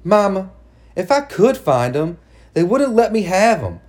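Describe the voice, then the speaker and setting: A man's voice: high-pitched, big pitch swings, a little slow, a little mellow, pitched above the performer's own voice. A man voicing a frightened young girl who pleads tearfully with her mother in a storybook reading. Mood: pleading.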